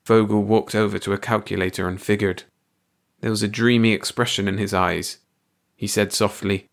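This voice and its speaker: Low-voiced man reading a story. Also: steady tone, moderate pace, vocal fry. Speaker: audiobook narrator. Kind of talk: scripted story narration.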